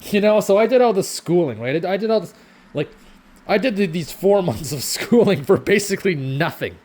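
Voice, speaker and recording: A man's voice: high voice, animated, brisk, a little mellow. A young man venting in a casual vlog from his home kitchen, frustrated and sarcastic, swearing often. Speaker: vlogger. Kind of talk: ranting vlog while cooking.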